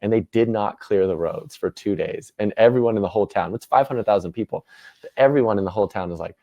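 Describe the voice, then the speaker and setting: A man in his thirties, a guest in an interview, telling stories in an animated, self-deprecating way. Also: on the low side, fast, no echo. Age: 30s. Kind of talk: casual interview storytelling.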